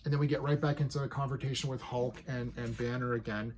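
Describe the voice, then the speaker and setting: A man casually reviewing a comic, excitable and animated, paraphrasing characters' lines in quick bursts. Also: mid-range voice.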